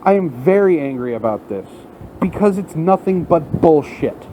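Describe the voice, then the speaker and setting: High-voiced man ranting and swearing. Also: animated, moderate pace, mellow, slight background noise, rough recording. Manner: heated, profane ranting. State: angry. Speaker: vlogger. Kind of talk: unscripted rant to camera. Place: at work, in front of a large window. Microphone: phone.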